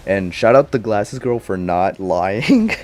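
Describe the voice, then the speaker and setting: Young man, low voice, slangy rambling, casual swearing, one-person recap. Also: animated, slow, darkish tone. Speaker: vlogger.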